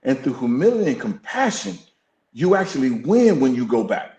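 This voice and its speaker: A man's voice: medium pitch, very animated, moderate pace, mellow. A man speaking candidly and reflectively as an interview guest, with an earnest, preacher-like emphasis. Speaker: podcast guest, fire captain and coach. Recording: roomy echo.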